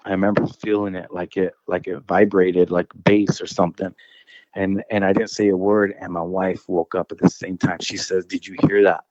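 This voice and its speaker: A man's voice: low voice, little pitch movement, normal speed, a little mellow, no echo, muffled recording. A man casually telling a personal encounter story as a guest. He rambles, restarts his phrases and keeps saying dude and bro.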